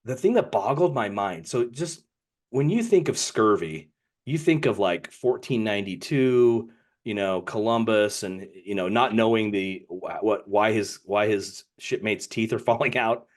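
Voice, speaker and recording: A man's voice: fairly low pitch, expressive, a little slow. A man co-hosting a book podcast, talking casually and rambling, often repeating words as he restarts. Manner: rambling, repeats words, reads passages aloud. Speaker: podcast co-host.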